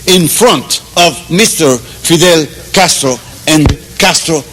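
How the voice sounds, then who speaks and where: A man's voice: a little high, slow, long reverb tail, pitched above the performer's own voice, rough recording. A man voicing a sly Cuban man who answers with mock-earnest repetition. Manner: mock-earnest, building to a shout. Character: sly male Cuban man topping a brag.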